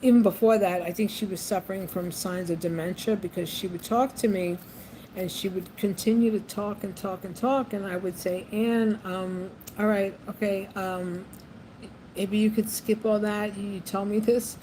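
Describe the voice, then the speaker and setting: A woman's voice: medium pitch, steady tone, normal speed, mellow. A woman vlogging in a casual monologue, chatty and repeating herself with frequent ums. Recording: noisy background ambience.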